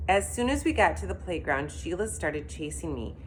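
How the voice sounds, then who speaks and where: Expressive woman reading a story aloud. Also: fairly low pitch, moderate pace, slight background noise. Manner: expressive, animated. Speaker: reader.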